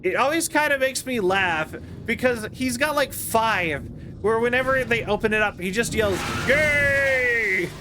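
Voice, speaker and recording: A man's voice: very high-pitched, expressive, moderate pace, background noise. A man casually commenting on a video game as he plays, chatty and rambling with lots of fillers. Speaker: streamer.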